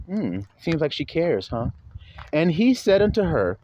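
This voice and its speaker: Guy doing a mocking bible commentary sermon, laughs a lot, pitch jumps all over. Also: moderate pace, dull audio, slight background noise. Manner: animated, mocking, laughing often. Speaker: bible teacher.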